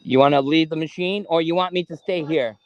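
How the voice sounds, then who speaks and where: A man, slowly asking spirits questions during a ghost hunt in a cemetery. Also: fairly high pitch, fairly even intonation, dry recording, highs cut off. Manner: slow, coaxing questions with long pauses. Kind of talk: paranormal investigation, talking to spirits. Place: cemetery at night.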